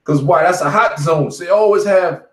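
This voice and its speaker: In an echoey room, a street Bible teacher around forty runs the study, his voice high-pitched and moderately paced. He preaches in a relaxed way, tells war stories, swears emphatically, and says "man" after almost every phrase.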